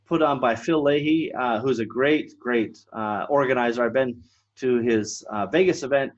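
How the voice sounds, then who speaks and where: A man's voice: medium pitch, normal speed, lo-fi sound. A man hosting his podcast alone, talking casually with lots of fillers and restarts. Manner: rambling, many fillers and restarts. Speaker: podcast host. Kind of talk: casual solo podcast monologue.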